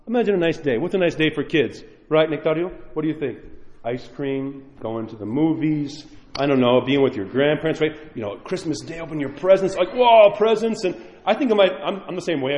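Animated priest preaching in an echoey church. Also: male voice, on the high side. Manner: animated storytelling, asks the congregation questions. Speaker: Orthodox priest. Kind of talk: sermon.

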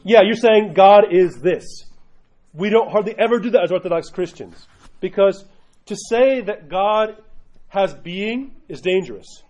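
A man's voice: sits high, measured pace, darkish tone. A man teaching a religion class to a group, who often stops to ask the room questions. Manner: asks the class questions, uneven pace. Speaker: Orthodox Christian teacher. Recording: dull lo-fi recording.

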